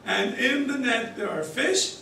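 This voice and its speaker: A rabbi with a fairly high voice leads a study session through stories, acting out each character's lines. He keeps asking his listeners to work out the answers. He is recorded from a distance in a very echoey indoor hall, with faint background noise. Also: measured pace, gravelly. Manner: animated storyteller who acts out the characters' quoted lines; quizzes listeners with questions and chuckles. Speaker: rabbi teaching a study group. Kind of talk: lecture told through story cases. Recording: very echoey room, voice from far off.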